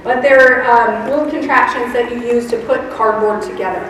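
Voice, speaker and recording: A woman's voice: fairly high pitch, normal speed, distant mic. Chatty woman presenting in an echoey hall. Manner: chatty, laughing asides. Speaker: teacher librarian presenting. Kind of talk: conference presentation.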